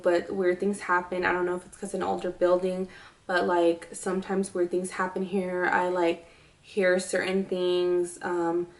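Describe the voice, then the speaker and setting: A woman voicing her boss, a calm, reassuring woman who speaks softly. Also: lowish voice, distant mic.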